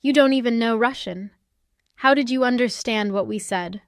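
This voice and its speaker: A woman's voice: a little high, moderate pace, dry recording, clean studio sound, natural voice. A woman voicing a defensive, scheming older mother-in-law in a storytelling video, protesting in an indignant way.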